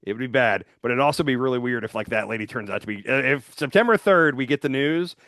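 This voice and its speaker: A man's voice: mid-range voice, animated, fast talker, fairly bright tone, dry recording, studio quality. A man co-hosting a podcast who chats casually about politics, rambling and filling his talk with "like" and "um". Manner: loose and rambling, heavy on "like" and "um". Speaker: podcast co-host.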